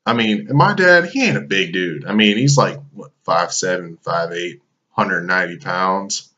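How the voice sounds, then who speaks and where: A man's voice: deep voice, lively intonation, normal speed, pushed and bright, lo-fi sound. A man telling a casual anecdote, loose and full of swearing and fillers. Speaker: storyteller.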